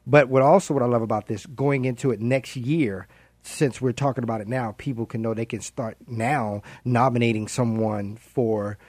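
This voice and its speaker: A man's voice: medium pitch, fairly even intonation, moderate pace, a little mellow, no echo. A man hosting a radio interview, enthusiastic and chatty, asking long run-on questions. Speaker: radio show host.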